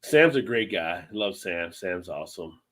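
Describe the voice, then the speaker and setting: A man's voice: low-pitched, expressive, moderate pace, fairly bright tone. A man hosting a casual livestream chat over beers, rambling and laid-back, swearing now and then. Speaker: livestream host.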